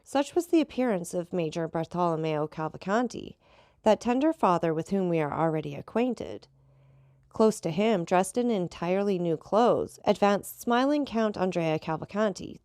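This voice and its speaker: A woman narrating a classic novel in a measured, even storytelling voice. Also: on the low side, no echo, studio quality. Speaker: audiobook reader. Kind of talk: scripted narration.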